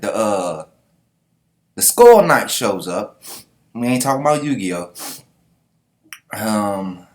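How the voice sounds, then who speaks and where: A man giving a casual, slangy, profane comic-book reaction, laughing often. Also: on the low side. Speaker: manga reviewer.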